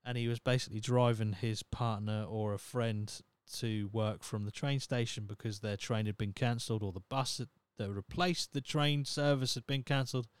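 A man's voice: mid-range voice, steady tone, normal speed, few pauses, clear, resonant tone, no room sound. Profane, rambling Norfolk man in his thirties. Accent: Norfolk English. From Norfolk, England. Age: 30s. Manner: rambling, profane, self-mocking. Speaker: podcast host. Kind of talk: casual solo podcast monologue.

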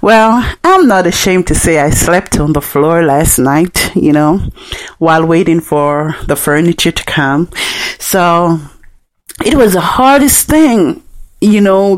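Slow-talking Jamaican woman telling stories. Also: lowish voice. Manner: chatty, joking, laughing between lines. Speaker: podcast host. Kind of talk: casual storytelling monologue.

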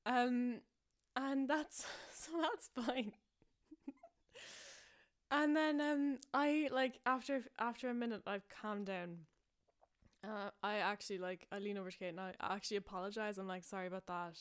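Unhurried and fairly even in intonation, a young Irish woman's high-leaning voice carries her casual storytelling podcast. As host, she's chatty and self-deprecating, full of fillers and laughing often.

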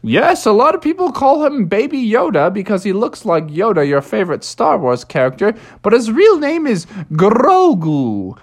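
A cheerful storybook principal makes a friendly announcement to the class, voiced by a woman telling the story. The tone sits higher than her usual voice and moves around brightly. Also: big pitch swings, moderate pace, few pauses. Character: friendly grown-up school principal.

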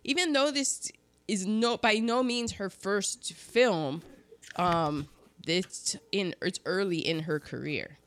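A woman co-hosting a casual film podcast, chatting through cast trivia with quick asides. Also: medium pitch, a bit bright, no echo. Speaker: podcast co-host presenting film facts. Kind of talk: casual chat about an old film.

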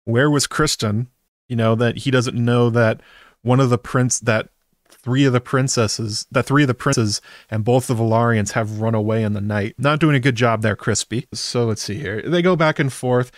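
A man's voice: mid-range voice, no room sound, clean studio sound. A man chatting wryly through a casual episode recap, dropping the odd swear word. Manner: chatty, wry, drops occasional swear words.

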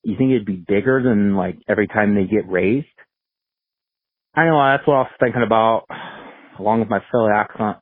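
A man's voice: lowish voice, fairly quick, husky, dry recording. A man calling in with a joking, swearing, rambling voicemail to a podcast. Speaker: voicemail caller. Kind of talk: casual voicemail message. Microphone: phone. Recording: phone-line voicemail.

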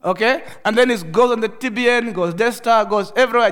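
A man with a high voice preaches a fervent sermon. He moves between loud rebukes and quiet storytelling. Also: a little fast. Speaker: pastor.

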